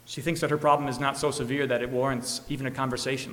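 Male pastor, earnest sermon delivery, bright tone, big reverberant church. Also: little pitch movement, quick pace, slight background noise. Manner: earnest, with rising emphatic peaks and soft low endings.

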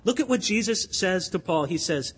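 A man's voice: high-pitched, expressive, normal speed, a bit bright, husky. A pastor preaching a sermon in an earnest, emphatic way, addressing his listeners as friends in a church sanctuary. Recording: long hall reverb.

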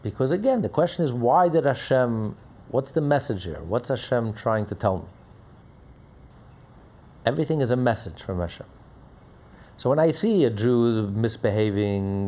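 A man's voice: medium pitch, lively intonation, measured pace, pauses often, mellow. A man teaching a religious lesson in an emphatic manner, with rhetorical questions and repeated phrases. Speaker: Torah teacher.

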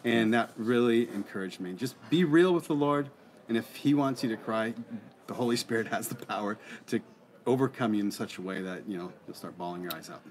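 A man's voice: on the low side, slight background noise. A middle-aged man co-hosting a casual faith conversation, talking earnestly and often restarting his sentences. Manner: earnest, halting with frequent restarts. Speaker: co-host answering listener questions.

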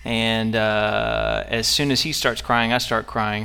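A man's voice: on the low side, little pitch movement, slow, vocal fry, few pauses, sharp tone, smooth. A young man preaching as a guest, earnest and personal, with many fillers and restarts. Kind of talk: sermon.

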